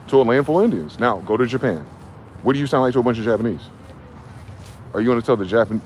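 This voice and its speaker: A man's voice: mid-range voice, a little hiss or hum. A man from New Jersey delivering a heated, profane ranting monologue as a vlogger. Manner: profane, heated, fast-talking.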